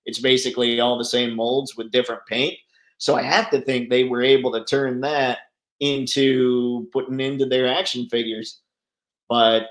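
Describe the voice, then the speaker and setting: A man hosts a casual livestream, reading out viewer comments and answering them in a loose, chatty way. He laughs easily and his voice sits at an ordinary middle pitch. The room around him is roomy and echoey. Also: fairly bright tone. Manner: chatty, laughs often, reads comments aloud. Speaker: livestream host reading chat. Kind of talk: casual live chat.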